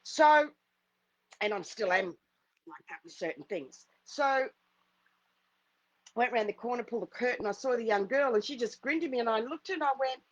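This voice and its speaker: A woman's voice: fairly high pitch, animated, moderate pace, pauses often, dry recording, highs cut off. A middle-aged woman, a spiritual healer, telling a personal story in an earnest, repetitive, emphatic way. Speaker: spiritual healer hosting a live stream.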